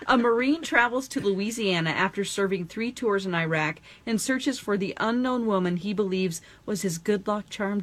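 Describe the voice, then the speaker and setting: A woman in casual chat, wryly reading out a movie summary and reacting to it. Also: mid-range voice. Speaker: podcast co-host.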